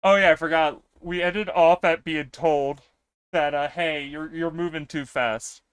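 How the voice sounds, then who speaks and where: A young man streaming, chatting casually with his viewers in an animated way, laughing often and swearing freely. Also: on the high side, unhurried, clear, resonant tone, dry recording. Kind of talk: casual live-stream chat.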